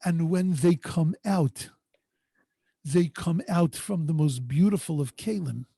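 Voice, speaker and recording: A man, a rabbi, teaching a Torah class over a video call in an earnest, drawn-out way, sprinkled with Hebrew and Yiddish terms. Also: on the high side, creaky, warm tone, slightly rough, dry recording. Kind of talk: storytelling Torah lesson. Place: home online video call. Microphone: video call microphone.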